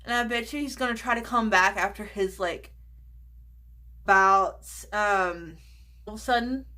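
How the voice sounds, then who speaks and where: A woman's voice: medium pitch, a little slow, sharp tone. A woman chatting casually in a makeup vlog, gushing over products, swearing freely and dropping into whispers. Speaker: beauty vlogger.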